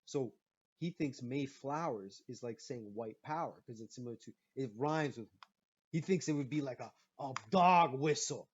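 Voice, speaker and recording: A man hosting a podcast and ranting in a profane, animated way about his own stories. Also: mid-range voice, moderate pace, a little hiss or hum. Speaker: podcast host. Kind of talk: profane comedic rant. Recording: muffled lo-fi recording.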